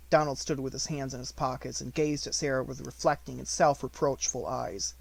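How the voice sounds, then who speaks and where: A man narrating a classic novel as a full audiobook, in a measured storytelling manner. His voice sits at a middle pitch. The recording is dry and close, with no room sound. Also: steady tone, gravelly, no echo.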